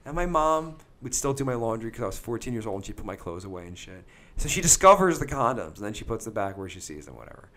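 A middle-aged man tells crude stories on a podcast. His pitch swings widely as he talks, and he swears constantly and breaks into loud, exaggerated voices. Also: fast talker. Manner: animated, profane, bursts into loud put-on voices. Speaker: podcast host. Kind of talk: crude comedic storytelling.

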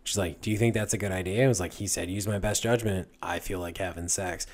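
A man in his thirties casually telling a long, animated anecdote on a podcast, laughing at his own story. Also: deep voice, fast. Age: 30s. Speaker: podcast guest.

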